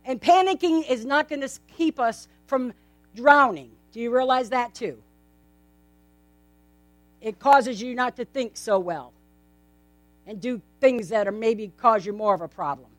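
A woman's voice: fairly high pitch, unhurried, long pauses, dry recording. Conversational woman preacher, dry sound. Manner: conversational, asks the congregation many rhetorical questions. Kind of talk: sermon. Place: in front of a gathered congregation.

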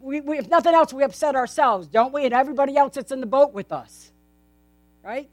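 This high-voiced woman talks a little quickly, her tone somewhat dark, as she preaches to a gathered congregation. She keeps the sermon informal and chatty, regularly asking rhetorical questions, and the audio carries no echo.

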